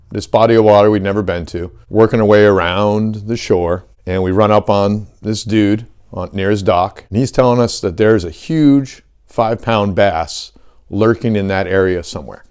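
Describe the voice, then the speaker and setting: A man's voice: lowish voice, darkish tone. A middle-aged man hosting a fishing channel, talking in a heated, blunt and profane way in a casual rant. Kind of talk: casual ranting vlog.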